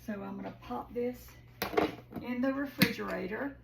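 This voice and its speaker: A woman's voice: fairly high pitch, moderate pace, vocal fry, echoey room, very noisy. A woman, chatting homily as she cooks and talks viewers through her holiday dishes in her kitchen. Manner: homey and chatty, says "y'all". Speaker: cooking vlogger. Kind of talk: casual cooking chat. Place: home kitchen.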